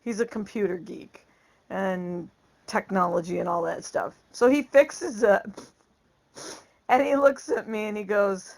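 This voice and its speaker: A woman's voice: medium pitch, measured pace, vocal fry, darkish tone. A woman vlogger telling a casual story, laughing often and acting out the lines she quotes.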